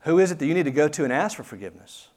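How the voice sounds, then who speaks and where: A man's voice: on the high side, animated, rapid-fire, a little mellow. Earnest man preaching a sermon. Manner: earnest, conversational preaching with rhetorical questions. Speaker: pastor.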